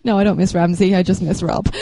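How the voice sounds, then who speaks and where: A woman's voice: medium pitch, mellow, rough recording. A woman, a podcast co-host, talking casually and earnestly. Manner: earnest, emotional retelling. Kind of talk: casual chat.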